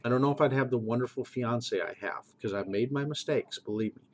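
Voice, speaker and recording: A man's voice: medium pitch, brisk, slight background noise, poor audio. A middle-aged man and game master, talking earnestly in a preachy monologue and repeating phrases for emphasis.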